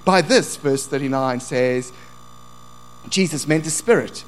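A man's voice: on the high side, lively intonation, measured pace, poor audio. A man preaching a sermon, telling a personal story and quoting scripture emphatically.

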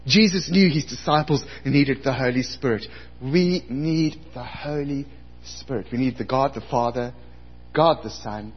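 A man's voice: mid-range voice, measured pace, breathy edge. A man in his forties preaching a sermon as pastor, telling stories and acting out his own past outbursts. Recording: dull lo-fi recording.

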